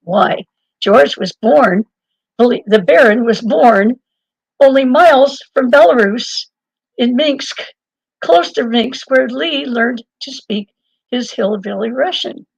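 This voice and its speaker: A woman's voice: on the high side, takes it slowly, vocal fry, slightly rough, dry recording. An older woman telling a story as an interview guest, rambling and digressive, often breaking into laughter. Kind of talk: conversational storytelling. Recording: dull lo-fi dry sound.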